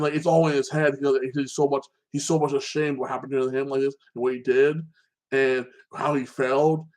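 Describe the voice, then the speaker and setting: A man's voice: medium pitch, a little mellow. Rambling man recapping a TV episode. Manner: rambling, fills with "like that" and restarts; opinionated, ranting about plot holes. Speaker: host.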